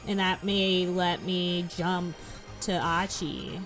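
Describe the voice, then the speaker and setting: A woman's voice: fairly low pitch, steady tone, takes it slowly, a bit bright, faint music behind. A woman playing a video game who reads its narration aloud and chats casually about her choices. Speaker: game streamer. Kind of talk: casual playthrough, reading game text aloud.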